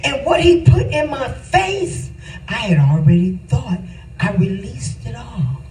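A woman's voice: a little high, big pitch swings, a little slow, darkish tone, echoey room, recorded from a distance, slight background noise, rough recording. A woman pastor giving a casual spiritual testimony with an emphatic, repetitive, preacherly cadence.

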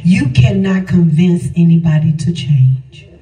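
A man's voice: high-pitched, measured pace, dark tone, distant mic. A man preaching a sermon, repeating his lines for emphasis and calling out to the congregation. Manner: call-and-response preaching, repeats phrases for emphasis. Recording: echoey room, voice from off-mic.

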